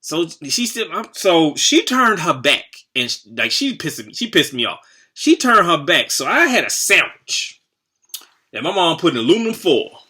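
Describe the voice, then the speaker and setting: A man's voice: on the high side, moderate pace, breathy edge. 40s guy telling a funny story, cusses a lot, rambles, voice jumps all over. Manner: profane, rambling, animated. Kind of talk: comic personal storytelling.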